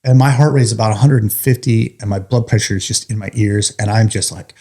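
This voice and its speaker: A man's voice: on the low side, fairly even intonation, fast talker, mellow. A firefighter telling his own story in a candid, vivid, plain-spoken way. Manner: candid and vivid, with blunt swearing. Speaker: firefighter guest. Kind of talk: personal storytelling.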